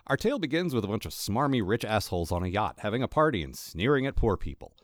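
A man's voice: lowish voice, very animated, quick pace, dry recording, studio quality. A man co-hosting a podcast, chatting casually and then reading a joking, sarcastic recap of an episode. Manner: wry, joking, sarcastic asides. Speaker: podcast co-host.

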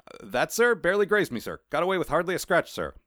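A man's voice: on the high side, sing-song, quick pace, fairly bright tone, no echo, studio quality, pitched above the performer's own voice. A man putting on a jittery, fawning talking cat. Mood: nervous. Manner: anxious, eager to please, keeps saying sir.

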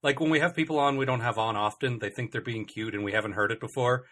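A man's voice: medium pitch, fast, a bit bright. A man co-hosting a comedy podcast, chatting casually in a rambling, self-interrupting way with dry, complaining humor. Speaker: podcast co-host.

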